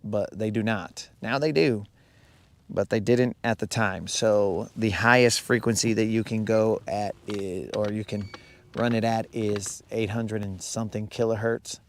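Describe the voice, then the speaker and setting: A man's voice: lowish voice, fairly even intonation, a little slow, a little hiss or hum. A man hosting a live fishing stream from his boat on a lake, chatting casually, joking around and answering his viewers' comments as he talks. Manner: joking, rambling, reads and answers chat. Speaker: fishing livestream host.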